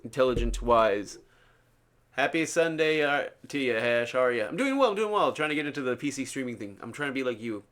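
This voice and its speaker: A man's voice: medium pitch, expressive, brisk, fairly bright tone. A man live-streaming, talking casually and earnestly, preaching about a book he reads to his viewers.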